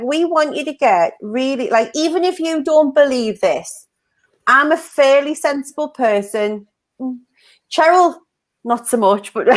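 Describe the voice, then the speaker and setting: A woman co-hosting a casual livestream, chatty and bubbly, laughing often as she reads out viewer comments. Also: on the high side. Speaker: co-host of a mindset livestream.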